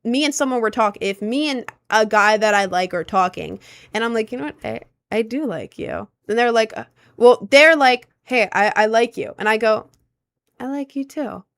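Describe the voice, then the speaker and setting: Young female streamer, fairly high voice, close dry sound; rambling, frank, full of "like"s. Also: normal speed, creaky, no echo. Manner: chatty and rambling, heavy on filler words; frank, animated advice-giving. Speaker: livestreamer. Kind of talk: casual livestream chat.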